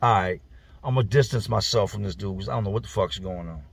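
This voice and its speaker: A man casually telling a profane, slangy street story as a vlogger, animated as he retells it. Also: on the low side, quick pace, vocal fry, husky, no echo.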